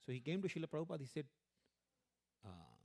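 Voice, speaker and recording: A man giving a religious lecture as a guest speaker, telling stories in an animated way, often saying "you know" and acting out the people he quotes. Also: on the high side, fast, creaky. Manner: animated storyteller, acts out quoted voices, frequent "you know".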